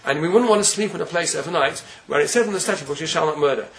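Earnest rabbi with a gravelly voice. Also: male voice, a little high, animated, very fast, a bit bright, low-quality recording. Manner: earnest, repeats words while searching, Hebrew terms. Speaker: rabbi giving a Torah class. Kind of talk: Torah lecture.

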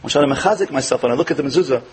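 A man giving a storytelling sermon as a religious teacher, acting out quotes with animation and dropping to soft, tender tones. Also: mid-range voice, racing, background noise.

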